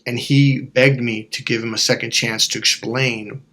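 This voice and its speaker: A man's voice: mid-range voice, steady tone, normal speed, sharp tone. A man, a life coach and hypnotherapist, telling a story in a frank, rambling way, swearing and then apologizing for it. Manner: rambling, self-correcting. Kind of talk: storytelling monologue.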